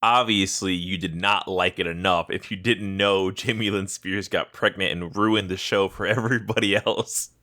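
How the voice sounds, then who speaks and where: A man's voice: low-pitched, steady tone, normal speed, hardly any pauses, bright, forceful tone. A young man hosting a casual gaming podcast, swearing and telling stories with animation. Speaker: podcast host. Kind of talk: casual chat.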